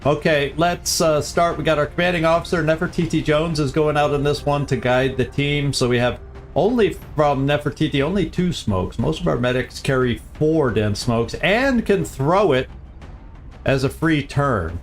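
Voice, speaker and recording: A man's voice: fairly high pitch, moderate pace, soft background music. A man hosting a live game stream, chatting casually and easily, often chuckling and repeating his phrases.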